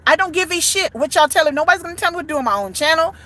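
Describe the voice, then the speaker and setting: A woman's voice: very high voice, lively intonation, very fast, sharp tone. A woman content creator giving a blunt, profane, emphatic rant as commentary to her channel. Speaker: pop group fan content creator. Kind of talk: ranting commentary.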